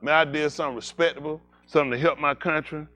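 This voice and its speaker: A man preaching, telling animated, jokey stories and slipping into high-pitched voices for characters. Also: fast. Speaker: pastor. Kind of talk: comedic storytelling sermon.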